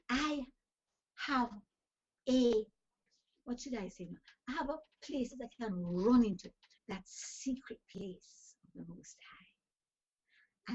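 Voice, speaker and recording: In a dull lo-fi recording, a talk show host and life coach gives an emphatic, preachy motivational talk full of scriptural phrases. Her voice is on the high side with a breathy edge.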